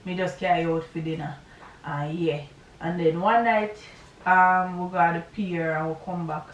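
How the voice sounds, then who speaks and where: A woman's voice: fairly low pitch, fairly even intonation, moderate pace, recorded from a distance, highs cut off, a little hiss or hum. Rambling Jamaican woman in a roomy space. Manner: rambling, chatty retelling with asides. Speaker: vlogger. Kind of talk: casual storytime vlog.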